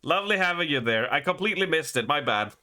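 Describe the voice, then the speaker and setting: A man's voice: fairly high pitch, lively intonation, quick pace, sharp tone. An Australian man chatting casually while streaming a game, rambling with lots of fillers and frequent laughter. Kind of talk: casual chat while gaming.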